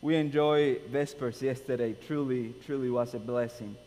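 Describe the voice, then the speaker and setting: A man's voice: mid-range voice, fairly even intonation, normal speed, mellow. A man with a Nicaraguan Spanish accent, a pastor who welcomes his congregation, prays and opens a sermon in a casual, joking way. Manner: informal, joking, self-deprecating. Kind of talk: friendly church welcome and sermon. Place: church sanctuary. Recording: echoey church hall with faint hum.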